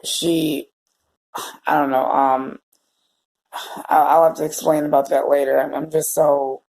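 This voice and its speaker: A male vlogger talking to his viewers in a tearful, emotional way, halting and close to crying. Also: a little high, gravelly, darkish tone, low-quality recording. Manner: emotional and halting, often addressing viewers as "you guys". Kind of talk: personal video diary.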